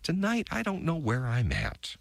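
A man's voice: a little high, huge pitch swings, gravelly, dry recording, exaggerated voice. Guy reading as a worn-out frustrated ark builder's wife, stammery diary voice swinging all over, dry close sound. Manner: emotional, halting diary reading with stammered restarts. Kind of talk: dramatic reading of diary entries.

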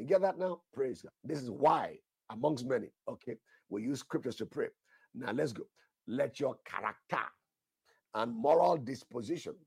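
Gravelly emphatic male preacher. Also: medium pitch, darkish tone, no room sound, clean studio sound. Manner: emphatic, repeats phrases, asks the listeners questions. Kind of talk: sermon with prayer and tongues.

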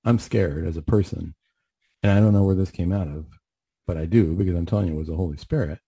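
Male clinician storyteller: low pitched, husky, reflective and earnest, restarts a lot. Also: fast, warm tone, no echo. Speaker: mental health clinician. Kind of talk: radio storytelling.

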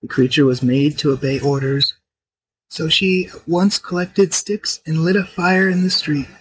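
A man narrating a folk tale in a steady, expressive reading. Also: fairly high pitch, a little slow, slight background noise, poor audio. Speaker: storyteller. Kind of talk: scripted storybook narration.

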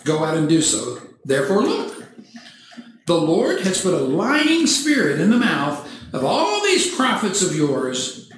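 A man preaching a sermon, reading scripture aloud and breaking into animated, mock-cheering asides. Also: fairly high pitch, a little slow. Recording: echoey church hall, faint noise.

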